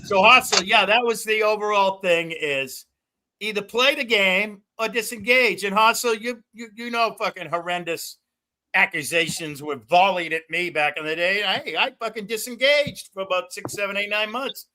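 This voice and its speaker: A loud, excitable middle-aged man rambling through profane casual chat as a livestream host. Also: high voice, normal speed. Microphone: no headphones.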